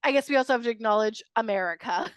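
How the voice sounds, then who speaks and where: A woman's voice: on the high side, quick pace, smooth, dry recording. A woman co-hosting a podcast, making sarcastic, wry remarks about a movie. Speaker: podcast co-host. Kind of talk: casual chat about a movie.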